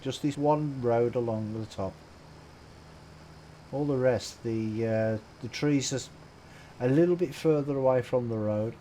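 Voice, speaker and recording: Brummie man, laid-back streamer who chats to viewers as he plays and laughs a lot, mellow tone, mid pitch. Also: measured pace, pauses often, a little hiss or hum, low-quality recording. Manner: chatty, laughs often, greets viewers while playing. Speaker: game streamer. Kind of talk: casual live-stream commentary.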